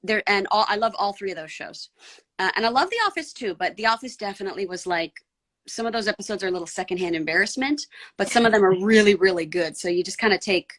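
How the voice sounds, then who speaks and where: A woman's voice: medium pitch, fairly bright tone. A woman voice actor from San Diego, chatting casually as a guest with lots of "like" fillers. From San Diego, USA. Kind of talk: casual podcast chat.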